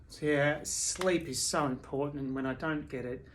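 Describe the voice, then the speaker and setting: A tired woman speaking candidly at home in a personal video diary, halting, with many restarts and fillers. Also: deep voice, slight background noise. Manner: candid and confessional. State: tired from sleepless nights. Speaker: vlogger.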